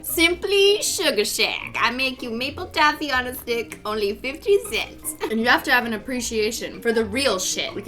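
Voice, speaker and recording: A woman's voice: fairly high pitch, a bit bright. A woman hosting a vlog, talking in a playful, profane way and laughing often. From Canada. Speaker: vlog host. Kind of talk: casual comedic chat.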